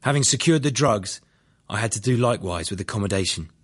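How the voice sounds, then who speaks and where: A man's voice: fairly low pitch, animated, fast, slightly rough. Man reading his own memoir. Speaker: memoir narrator. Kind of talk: first-person audiobook narration.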